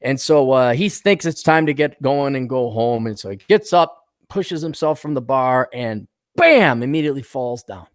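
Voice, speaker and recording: A man co-hosting a podcast, telling jokes in a rambling, animated way. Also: medium pitch, moderate pace, few pauses, no room sound, clean studio sound. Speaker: podcast co-host. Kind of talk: casual chat, joke-telling.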